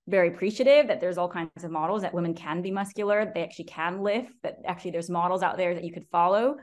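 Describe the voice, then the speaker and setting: Animated American woman professor. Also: fairly low pitch, quick pace. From United States. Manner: animated, quotes critics in mocking voices. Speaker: professor and guest. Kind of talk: conversational interview.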